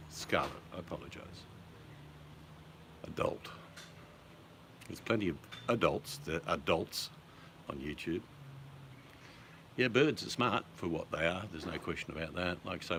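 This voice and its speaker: An Australian man with a very low voice chats casually with his viewers at a moderate pace, pausing often. He's relaxed and talkative and swears without a second thought, over a faint hiss of background noise.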